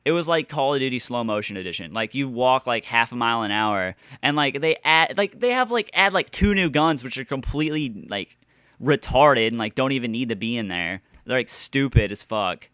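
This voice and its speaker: A man rants in exasperation and swears freely, and his voice keeps jumping into loud bursts. His tone is smooth and clean, and the sound is close and dry, with no room echo. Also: mid-range voice, lively intonation, moderate pace. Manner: exasperated, with sudden loud outbursts. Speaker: gaming video ranter. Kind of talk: profane angry rant.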